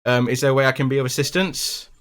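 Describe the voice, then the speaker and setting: A man voicing a calm, helpful maid. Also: medium pitch, lightly acted. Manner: slow, polite, offering help.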